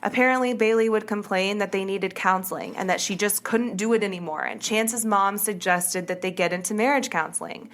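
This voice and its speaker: A woman in the middle of her range tells a true crime case like she is talking with a friend. She is relaxed and chatty, with plenty of "like" and "kinda", and she stops to fix her own words. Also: mid-range voice, brisk, hardly any pauses. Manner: chatty, self-correcting, uses "like" and "kinda". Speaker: podcast host. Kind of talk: casual true crime storytelling.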